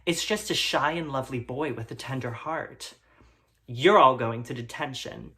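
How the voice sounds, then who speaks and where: A man's voice: medium pitch, moderate pace, sharp tone. A honey-voiced, doting woman teacher, as a man puts her on within a comic reading. She speaks in a syrupy, coddling way, all tenderness and reassurance.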